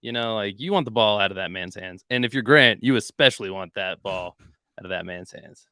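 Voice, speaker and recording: A man's voice: lowish voice, fairly quick, sharp tone, clean tone, no room sound, clean studio sound. A man co-hosting a podcast, riffing casually on a game with a jokey, playful, loose way of talking. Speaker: podcast co-host. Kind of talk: casual sports chat.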